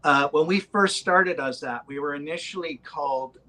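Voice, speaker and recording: A man with a somewhat high voice chats loosely about his band. He wanders through his thoughts, pausing often with fillers. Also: sharp tone, a little hiss or hum, poor audio. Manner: rambling, hesitant with many ums. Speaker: band member. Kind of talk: casual interview chat.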